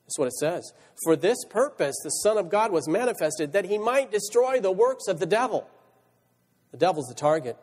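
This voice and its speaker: High, lively preaching man in a church hall. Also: moderate pace. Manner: rhetorical questions, reads scripture aloud. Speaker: pastor. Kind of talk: sermon. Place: church sanctuary.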